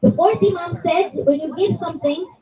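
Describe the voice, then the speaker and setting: A woman's voice: very high voice, moderate pace, recorded from a distance, rough recording. A woman giving an interactive religious talk to children, acting out her examples. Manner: animated, acts out examples in voices. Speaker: children's religious class speaker. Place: religious center hall.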